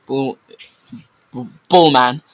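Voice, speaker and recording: A man's voice: medium pitch, takes it slowly, low-quality recording. A man reading a story aloud in a casual way, often stumbling over words and correcting himself.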